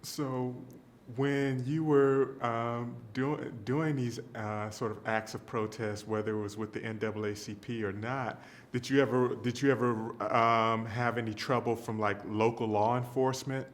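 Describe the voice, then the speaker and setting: Man, interviewer, very flat delivery, halting, light background noise. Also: medium pitch. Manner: hesitant, searching for words. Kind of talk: oral history interview.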